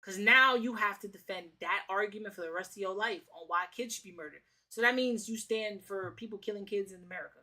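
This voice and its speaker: A woman from the Bronx reacts to clips on her stream in heated, slangy, profane talk. She keeps repeating her phrases, and her voice is bright and forward. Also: medium pitch, brisk, hardly any pauses. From The Bronx, New York. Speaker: streamer host. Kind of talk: casual reaction commentary.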